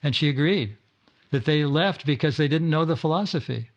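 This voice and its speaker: A man's voice: fairly high pitch, expressive, normal speed, highs cut off. An older man giving an informal talk to his disciples at a home gathering, often stumbling, repeating words and restarting sentences. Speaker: spiritual teacher.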